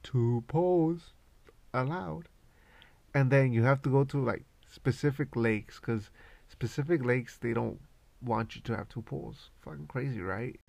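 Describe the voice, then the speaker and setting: A man hosts his podcast in a loose, rambling monologue, swearing nearly every sentence in a relaxed way. His mid-range voice carries a gravelly fry. The recording is dry and close to the mic. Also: mid-range voice, moderate pace, no room sound. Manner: swears constantly, laid-back and rambling. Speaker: podcast host.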